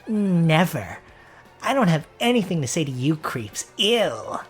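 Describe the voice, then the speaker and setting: A man's voice: fairly high pitch, sing-song, a little slow, slightly rough, soft background music, pitched above the performer's own voice, exaggerated voice. Goombella, a sassy young student, voiced by a man. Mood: defiant. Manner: sassy, upbeat, chirpy coaching. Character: peppy young female student sidekick.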